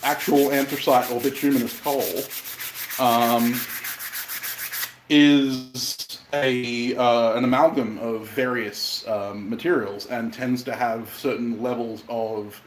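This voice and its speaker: A man's voice: mid-range voice, steady tone, slow, echoey room, slight background noise, low-quality recording. Chatty man with a light Australian accent. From Western Australia. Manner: chatty, rambling, mild swearing. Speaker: bladesmith livestreamer. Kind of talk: casual livestream chat, answering viewers.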